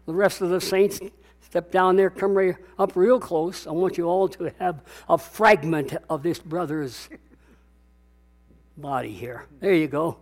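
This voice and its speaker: High-voiced older male pastor preaching. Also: steady tone, measured pace. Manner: emphatic, repetitive, calls out to the congregation. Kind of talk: sermon.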